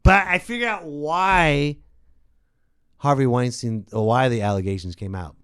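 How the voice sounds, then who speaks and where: A man's voice: mid-range voice, a little slow, fairly bright tone, clear, resonant tone, no room sound, clean studio sound. A man hosting a comedy podcast, ranting with profanity and sarcasm. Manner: profane, sarcastic, switching into impressions. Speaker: podcast host. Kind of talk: comedic rant.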